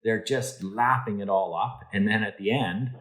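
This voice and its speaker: Deep-voiced man telling a story. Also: normal speed, rough recording. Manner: animated storyteller, acts out quoted dialogue, many restarts. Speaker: interview guest, insurance executive. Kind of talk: storytelling in a podcast interview.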